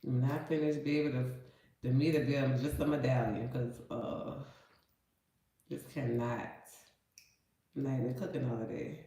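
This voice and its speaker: Her voice is extremely low, warm, nasal, and steady, moving at normal speed with long pauses. Cooking and cleaning meat in a very echoey kitchen, this vlogger talks casually and folksily to viewers, calling them honey and baby.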